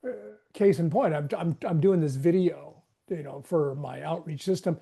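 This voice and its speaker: Rambling man with a mellow voice. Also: a little high, moderate pace, creaky, husky. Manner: rambling, self-questioning, acts out inner dialogue. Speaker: webinar participant. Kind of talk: casual group discussion.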